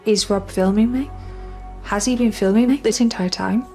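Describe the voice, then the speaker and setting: A British-accented woman with a medium-pitched, dark-toned voice speaks at a moderate pace and with fairly even intonation in a documentary interview. She earnestly recounts her own experience in the first person, voicing her inner thoughts, over faint background music.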